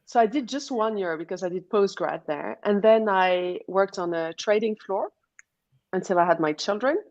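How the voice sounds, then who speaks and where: A woman's voice: mid-range voice, normal speed, a little mellow, no room sound. Lady guest on radio w a french-ish accent, chatty, kinda muffled. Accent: French-educated. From half Moroccan, half Iranian. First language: not English. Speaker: guest nutritionist. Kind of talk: radio interview.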